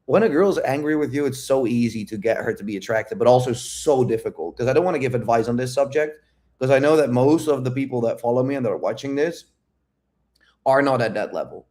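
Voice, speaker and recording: A man working as a dating coach, telling viewers a dating story in a blunt, profane, unhurried way. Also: mid-range voice, lively intonation, a little mellow.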